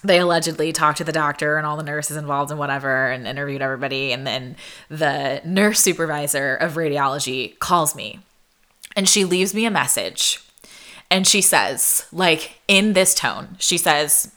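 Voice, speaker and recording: A woman's voice: sits low, moderate pace, smooth. A young adult woman vlogger telling a personal story in a chatty, casual monologue, often using "like". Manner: chatty, frequent "like", animated retelling.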